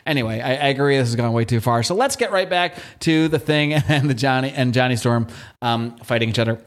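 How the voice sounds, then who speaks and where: A man's voice: medium pitch, brisk. A young man co-hosting a podcast, rambling and joking through a comic book recap. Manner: rambling, jokey, many fillers. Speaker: podcast co-host.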